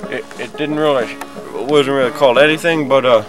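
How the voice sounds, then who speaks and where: A man playing a rambling, unhinged backwoods man who stammers, trails off and bursts out loud. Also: medium pitch, a little fast, music in the background, lightly acted, rough recording. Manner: rambling, stammering, sudden outbursts. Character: rambling unhinged backwoods man, proud of his forest home. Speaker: comedian. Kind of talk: improvised comedy sketch.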